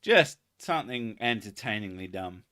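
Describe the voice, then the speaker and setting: A man's voice: fairly low pitch, animated, moderate pace, pushed and bright. A young man, hosting a casual comedy chat in a crude, sarcastic manner full of swearing. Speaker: podcast host.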